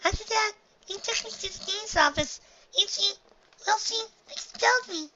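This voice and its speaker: A woman voicing an anxious, earnest young unicorn filly from a storybook, speaking in a high, hesitant, pleading way. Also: steady tone, fairly quick, sharp tone. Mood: upset. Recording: dull lo-fi home recording.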